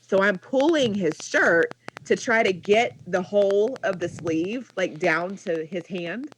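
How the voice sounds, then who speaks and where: A young woman tells a story on a podcast in a relaxed, chatty way. Her voice sits at an ordinary middle pitch. She is animated and says "like" constantly as she rambles through it. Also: a little slow, a little hiss or hum, poor audio. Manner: animated storytelling, heavy use of "like". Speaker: podcast co-host. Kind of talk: casual storytelling chat.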